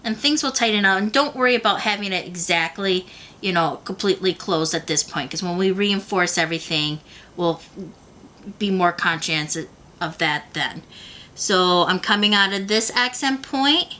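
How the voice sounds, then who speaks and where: Woman, craft tutorial host, bright tone, patient step-by-step guide. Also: medium pitch, moderate pace. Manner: patient, talks the viewer through each step. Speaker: beading instructor.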